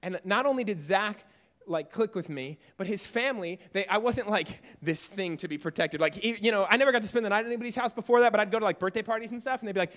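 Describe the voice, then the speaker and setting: A man's voice: sits high, quick pace, a bit bright. A man in his thirties giving a motivational speech at a youth event, telling a personal story with energy and self-mocking humor. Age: 30s. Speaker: keynote speaker.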